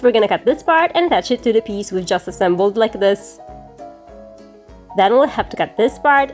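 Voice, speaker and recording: A woman hosting a crafting channel, giving friendly, clear step-by-step instructions in a scripted tutorial voice-over. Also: a little high, darkish tone.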